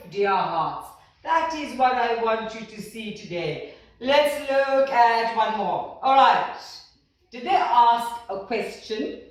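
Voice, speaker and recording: A woman English teacher leading a classroom lesson, speaking slowly and acting out words with her voice. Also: a little high. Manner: slow, expressive, acts out words with her voice. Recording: echoey room, voice from far off.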